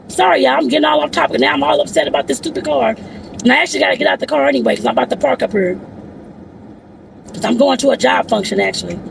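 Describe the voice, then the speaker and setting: A woman's voice: sits high, fast, vocal fry, slight background noise. A woman vlogging from inside her car, giving blunt, outspoken life advice and calling her viewers y'all. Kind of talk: casual talking-head vlog.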